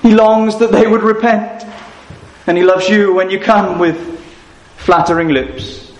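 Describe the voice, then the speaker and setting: Earnest preacher in an echoey hall. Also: male voice, high voice, steady tone, measured pace. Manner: earnest, illustrative storytelling, rhetorical questions. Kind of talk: sermon. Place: hall at a family camp. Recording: echoey room, faint noise.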